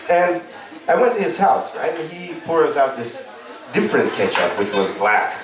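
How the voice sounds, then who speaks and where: A man's voice: a little high, sing-song, moderate pace, crowd noise. A man from Romania, doing stand-up comedy on a club stage in a loose, rambling storytelling way. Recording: echoey room, distant mic.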